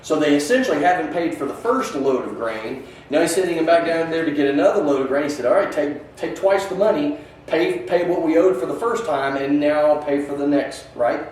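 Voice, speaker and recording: Male Bible class teacher, slightly high voice, conversational with restarts, recorded far off in an echoey church room. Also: lively intonation, brisk, darkish tone, slight background noise. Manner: conversational, many restarts, reads scripture aloud.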